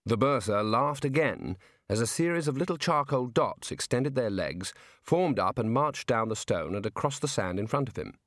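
A man reading an audiobook in even, measured scripted narration. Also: medium pitch, no echo, clean studio sound.

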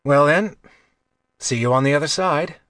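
A man voicing a young thief in his own voice, low, calm and dry-humored, in an audiobook. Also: normal speed, dry recording, close to an everyday voice. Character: young male thief, wry and quietly confident.

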